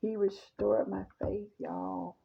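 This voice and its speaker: Gravelly woman giving testimony. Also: mid-range voice, steady tone, slow, highs cut off. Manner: emphatic, speaks straight to listeners as y'all. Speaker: woman sharing her testimony. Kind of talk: personal testimony monologue.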